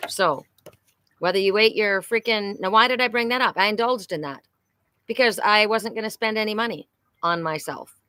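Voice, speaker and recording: Middle-aged woman, live-stream host, bright forceful voice, candid and profane, dry close mic. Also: medium pitch, moderate pace, clear, resonant tone, no echo. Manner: candid and profane, repeats herself. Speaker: psychic reader hosting a live stream. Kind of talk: emotional casual live-stream talk.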